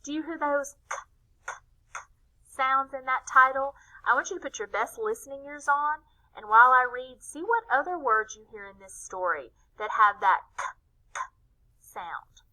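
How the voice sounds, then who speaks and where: Woman teacher with a bright, higher voice, leading a phonics lesson for small children, sing-song. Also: lively intonation, a little fast, poor audio.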